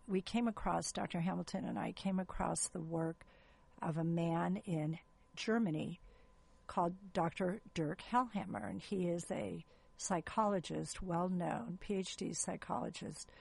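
A woman's voice: on the low side, unhurried, creaky, darkish tone, breathy edge. A woman gynecologist explaining earnestly as a guest in an interview.

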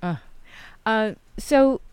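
A woman's voice: on the high side, extremely slow, darkish tone, clean tone, dry recording. A woman hosting an interview, asking questions and giving friendly, encouraging prompts. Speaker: interviewer host.

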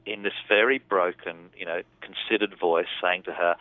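A man's voice: low voice, fairly even intonation, moderate pace, no room sound. A man, a film director, talking about his film in a casual interview, thoughtful and rambling with restarts. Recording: tinny phone line.

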